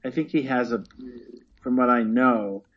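Male acting-teacher guest, husky, earnest and explanatory, muffled lo-fi sound. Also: medium pitch, unhurried. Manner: earnest, explanatory, repeats words as he builds a point. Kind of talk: casual conversation.

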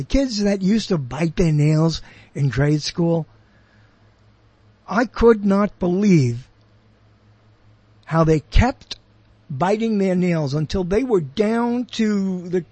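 A man's voice: high-pitched, dark tone, slightly rough, dry recording. An older man, hosting his own show with a rambling solo monologue, wandering off topic and correcting himself as he goes. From Brooklyn, New York. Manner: digressive, questions and corrects himself. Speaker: host.

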